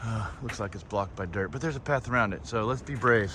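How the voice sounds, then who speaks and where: A man's voice: on the low side, fairly quick, background noise. A man vlogging on a coastal hiking trail, rambling casually to his camera as he walks. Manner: rambling, chatty, talking to the camera. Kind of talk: casual chat while hiking.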